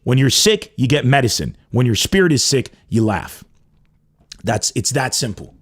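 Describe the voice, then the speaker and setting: A man hosting a comedy podcast, riffing in an emphatic, profane monologue that swings between loud bursts and low asides. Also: big pitch swings, normal speed.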